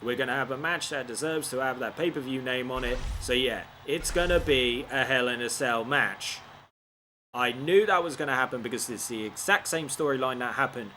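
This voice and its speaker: Bright-voiced man cursing through game commentary. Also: mid-range voice, normal speed, slight background noise. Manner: animated, swears often, frustrated outbursts. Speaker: video game player. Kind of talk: playthrough commentary.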